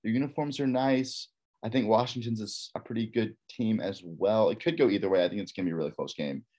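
A man's voice: lowish voice, fast talker, mellow. A man from Texas with a faint Texas accent, casually rambling through his college football picks in a solo talk. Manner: rambling, repeats himself, frank opinions.

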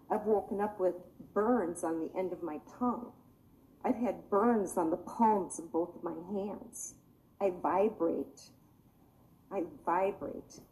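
A woman's voice: medium pitch, darkish tone, slight background noise, rough recording. Emotional, tired woman testifying. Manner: emotional, earnest, pleading. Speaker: public commenter. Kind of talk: public meeting testimony.

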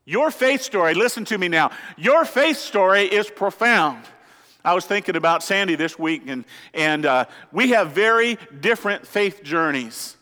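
A man's voice: high-pitched, animated, normal speed, bright, forceful tone. A man preaching a sermon as pastor, earnest and emphatic, asking the congregation rhetorical questions. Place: church sanctuary. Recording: church hall with long reverb.

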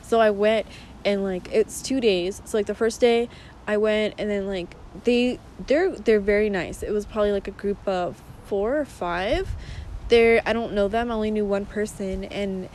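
Young woman, mid-pitch, casual and profane, rambles through stories in a chat. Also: moderate pace, darkish tone, slight background noise, low-quality recording. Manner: chatty, swears freely, rambling story with many fillers.

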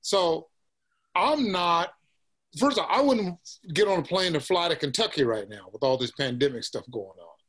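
A musician from Texas talks in a Southern accent, his voice sitting a little high for a man. He chats in an easy, laid-back way, often tossing in "man" and "you know.". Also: lively intonation, moderate pace, fairly bright tone, husky. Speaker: musician guest. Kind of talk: casual interview chat.

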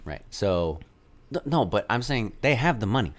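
Brief: male co-host, very animated pitch, quick laughs, argumentative chat. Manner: quick to laugh, animated, interjects and argues back. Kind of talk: casual chat.

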